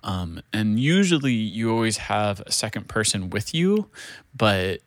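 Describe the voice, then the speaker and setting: A man's voice: on the low side, sing-song, unhurried, no echo. A man in his thirties telling a rambling story, full of fillers, swearing and laughter. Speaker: show creator. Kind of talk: casual storytelling.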